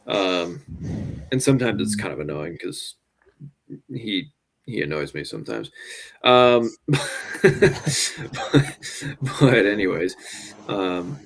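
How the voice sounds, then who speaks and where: A man with a low, deep voice chatting about a movie on a casual podcast. His pitch swings widely as he talks, candid and opinionated, quick to laugh. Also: lively intonation, vocal fry. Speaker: podcast co-host. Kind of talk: casual movie review chat.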